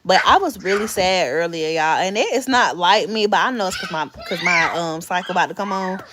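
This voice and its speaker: A woman's voice: on the low side, animated, a little fast, heavy background noise. Chatty woman in her late thirties. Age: late 30s. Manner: chatty, confiding, addresses viewers as y'all and honey. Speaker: livestream host. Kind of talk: casual live-stream chat.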